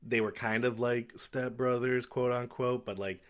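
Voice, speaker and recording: A man's voice: medium pitch, fairly even intonation, a little slow. A man in his thirties filling in as a podcast co-host, laid-back and chuckling as he chats. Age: 30s. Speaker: guest co-host. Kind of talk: casual chat.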